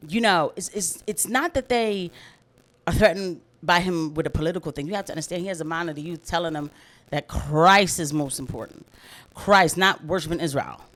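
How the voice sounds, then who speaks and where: A woman's voice: fairly low pitch, a bit bright. A woman giving impassioned, emphatic commentary, often repeating herself for emphasis. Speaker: political commentator. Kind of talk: opinionated livestream commentary.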